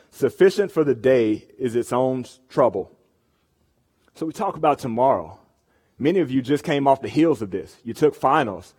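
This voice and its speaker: A man's voice: mid-range voice, darkish tone. A young man giving a casual sermon to college students, conversational and often checking in with the room. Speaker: campus ministry speaker. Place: meeting room with an audience.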